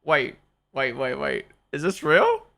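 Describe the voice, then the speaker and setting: Watching a race broadcast live, a young streamer reacts excitably and casually, saying his exclamations again and again. His slightly high voice has gravelly fry beneath a bright, tense edge. He talks slowly, with a little background noise.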